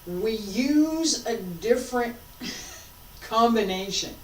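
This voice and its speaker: A woman teaching a martial arts class, calmly coaching breath and movement and repeating cues. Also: on the high side, extremely slow. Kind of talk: class instruction while practicing. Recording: roomy, from a distance with faint noise.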